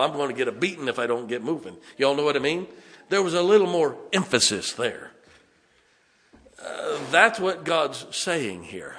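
Animated preacher man, bright voice. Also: medium pitch, normal speed, big-room sound. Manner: animated, dramatic emphasis, conversational asides. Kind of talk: sermon.

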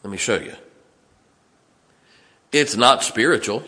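Preacher booming in a reverberant hall. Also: male voice, slow. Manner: swings from quiet, low asides to loud, emphatic exhortation. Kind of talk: sermon. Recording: long reverb of a large hall.

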